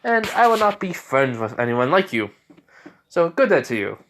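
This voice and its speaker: A man's voice: on the high side, very animated, normal speed, a bit bright, a little hiss or hum, pitched above the performer's own voice. A man voicing a little boy who talks in a smug, theatrical demon radio-host manner, scolding loftily. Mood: haughty scolding.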